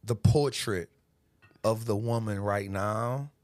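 An enthusiastic man guesting on a podcast, his voice sitting a little low. He talks earnestly in a casual style, leaning on "you know what I'm saying" as he praises his hosts. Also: takes it slowly, darkish tone. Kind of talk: casual conversation.

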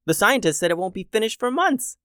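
A man voicing a young adventurous boy who gets anxious and exasperated, with high, whiny, rushed outbursts. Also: very animated, pushed and bright, clean tone, dry recording, clean studio sound, exaggerated voice. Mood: resigned.

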